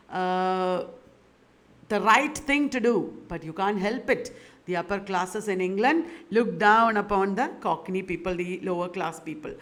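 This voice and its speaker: A woman giving a literature lecture in a chatty way, often laughing and putting questions to her students. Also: mid-range voice.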